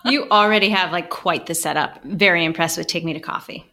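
Bright-voiced chatty woman guest. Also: fairly low pitch, fairly quick. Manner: chatty, animated, laughs often. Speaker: podcast guest, stage performer. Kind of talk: casual podcast chat. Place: remote call, away from the hosts.

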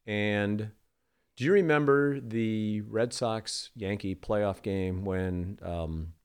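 A man's voice: fairly low pitch, slow pace, a little mellow, smooth. Chatty middle-aged man telling stories. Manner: chatty, rambling anecdotes with frequent ums. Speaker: sportscaster guest. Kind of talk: casual storytelling interview.

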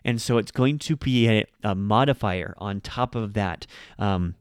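A man hosting a casual podcast lesson on Japanese grammar, chatty and upbeat, slowing down to say example sentences with care. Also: lowish voice, clean tone, no echo, studio quality. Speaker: podcast host and Japanese teacher.

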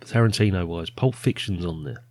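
Chatty man hosting, low voice. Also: a little fast, no echo. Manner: leads the list, chatty and relaxed. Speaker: podcast host. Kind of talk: casual chat.

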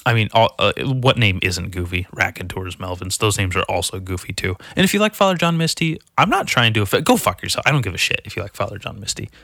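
A young man riffs through a loose, swear-heavy comic monologue, mocking himself and everyone around him. His voice sits fairly low but carries a bright, forceful edge. It sounds close and dry, with no room around it. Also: animated, fast talker, gravelly, hardly any pauses, dry recording. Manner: profane, rambling, self-mocking; mimics people in high squeaky voices. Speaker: solo podcast host. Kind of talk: rambling comedic monologue.

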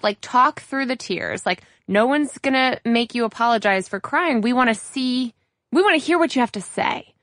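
A woman hosting an interview podcast, talking in an animated, emphatic way. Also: fairly high pitch, no echo, studio quality. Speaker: podcast host. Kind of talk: casual interview chat.

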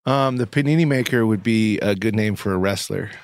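Deadpan man with quiet quips. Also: fairly low pitch, fairly quick, dry recording, studio quality. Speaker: podcast co-host. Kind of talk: casual chat.

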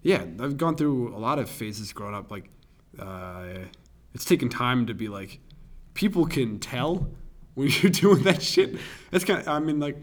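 Relaxed young man, easygoing comedian. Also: mid-range voice, unhurried. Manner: relaxed, trailing off softer, chuckling. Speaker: comedian guest. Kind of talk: casual chat.

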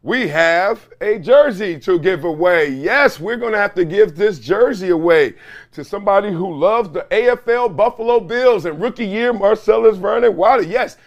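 Middle-aged man, sports show host, hoarse, sarcastic, whooping, very lively pitch, slightly high voice. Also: muffled recording. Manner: animated, sarcastic, with loud whoops. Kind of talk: solo sports commentary.

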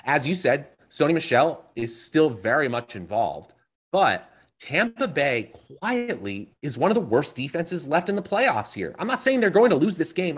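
A man from Virginia co-hosts a fantasy football show, with a voice that swings widely up and down as he argues. His pitch sits in a middle range, and he builds his case with stats and emphatic lists. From Virginia, USA. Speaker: co-host. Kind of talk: fantasy football analysis chat.

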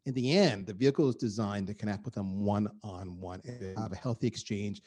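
A middle-aged man, a guest on a podcast, talking in an energetic and emphatic way and repeating words for effect. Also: fairly low pitch, fairly quick, breathy edge. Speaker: guest, marketing executive. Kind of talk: animated podcast conversation.

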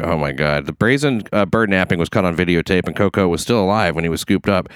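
Host: New man, very low voice, dry close sound, sardonic comic news riffing. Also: brisk, few pauses, clear, resonant tone, no echo. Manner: sardonic, profane, riffing asides. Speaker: podcast host reading news. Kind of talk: casual comedic news chat.

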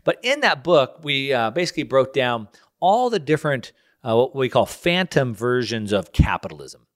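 A middle-aged man hosting a show, talking off the cuff in a rambling, animated way. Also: mid-range voice, normal speed. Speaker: show host. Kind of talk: casual solo commentary.

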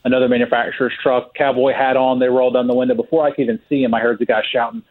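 A man's voice: mid-range voice, level tone, racing. Man, drawling storyteller, guest on a truck podcast, tinny phone-line sound. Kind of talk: casual podcast chat.

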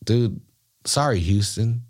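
A man hosting a soccer podcast, ranting in a casual, profane, rambling way, often jumping in pitch. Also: slow pace. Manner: rambling, profane, animated rants with pitch jumps.

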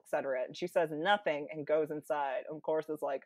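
A woman's voice: fairly low pitch, brisk, no echo, clean studio sound. A woman guest on a podcast, retelling a story casually with lots of fillers and playfully acting out quoted lines. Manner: chatty, many fillers, acts out quoted lines in playful voices.

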